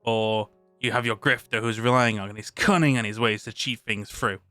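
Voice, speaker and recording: Reading a tabletop game's rules aloud for his stream audience, this British man restarts words now and then and chats between sections. His voice is fairly low yet bright and crisp, with a steady tone and normal pace. It's miked close and dry with no room sound, over faint background music.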